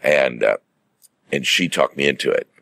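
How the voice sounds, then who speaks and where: Middle-aged stage actor, extremely low gravelly voice, dry close sound, measured storyteller. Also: male voice, bright, forceful tone, no echo. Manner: measured, theatrical anecdote-telling with acted-out quotes. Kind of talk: relaxed storytelling in an interview.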